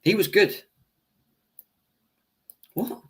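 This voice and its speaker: A man's voice: extremely slow, a bit bright. Heated man ranting to chat. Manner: heated, swearing, arguing with chat; laughs off his own bias. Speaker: football fan channel host. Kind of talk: live-stream match reaction rant.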